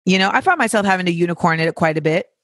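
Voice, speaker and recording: A podcast host giving casual advice in an animated way, with profanity and joking asides. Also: medium pitch, very fast, no room sound. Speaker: podcast host answering listener questions.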